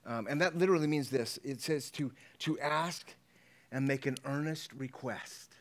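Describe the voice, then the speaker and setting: Brief: middle-aged male pastor, informal preaching, mid-pitched, often asks the room if they follow. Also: moderate pace. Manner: conversational, repeats words, checks in with the congregation. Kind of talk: sermon.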